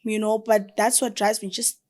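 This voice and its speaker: A young woman with a South African accent, chatting as a podcast guest in an animated way and mixing in Zulu phrases. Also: mid-range voice, normal speed. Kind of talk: casual chat.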